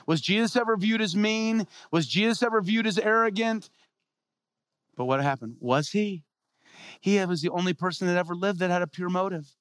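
A man's voice: high voice, a bit bright, dry recording. A man preaching a sermon as a pastor, conversational and full of rhetorical questions.

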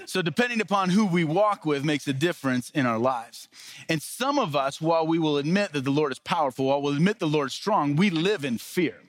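A male pastor preaching a casual sermon, telling stories and acting out the quoted lines with lively energy. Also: on the high side, a little fast. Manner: storytelling with lively acted-out quotes.

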